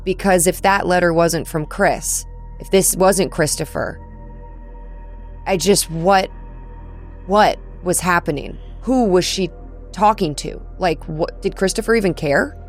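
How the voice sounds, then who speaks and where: A woman's voice: lowish voice, measured pace, soft background music. A woman playing in a tabletop game, chattily describing her character's actions with many fillers. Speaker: player. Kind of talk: casual in-game narration.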